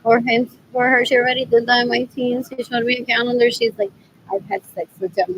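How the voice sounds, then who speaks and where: A woman's voice: a little high, steady tone, a little fast, muffled recording, slight background noise. A woman in a rambling, scornful spoken monologue who keeps asking "what else?" and switches between English and Spanish. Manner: disgusted, scornful.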